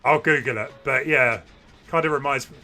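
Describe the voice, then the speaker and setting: A man chats casually with viewers during a game livestream, rambling from one thought to the next. His voice is bright and forceful, sitting at an ordinary pitch for a man. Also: normal speed, faint music behind. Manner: chatty, rambling, talks to viewers. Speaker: gaming livestreamer. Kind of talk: casual chat while streaming a game.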